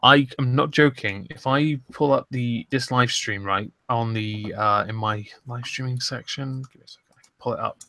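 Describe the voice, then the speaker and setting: A man hosting a casual livestream chat, rambling and swearing in quick bursts. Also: medium pitch, pushed and bright, dry recording. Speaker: livestream host.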